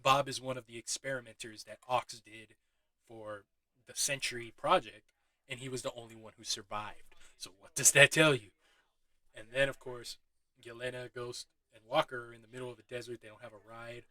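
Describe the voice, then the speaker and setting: Excitable swearing man recapping a movie. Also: medium pitch, normal speed, no echo, rough recording. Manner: excitable, swears often, laughs while talking. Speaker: movie reviewer. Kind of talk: casual spoiler recap.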